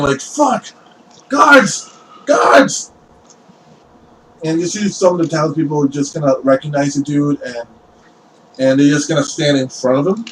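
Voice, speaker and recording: A man narrating a tabletop game as game master in a loose, rambling way, full of fillers. His voice is a little high. He sits back from the mic over a faint hiss. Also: distant mic, poor audio.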